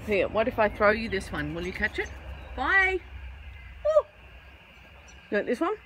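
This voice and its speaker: A young woman is out in the trees vlogging as she feeds wild kookaburras, cooing affectionately at them and tossing muttered remarks to a camera held at her side. Her voice runs on the high side and a bit bright, with huge pitch swings and an unhurried pace. Slight background noise accompanies this casual outdoor talk.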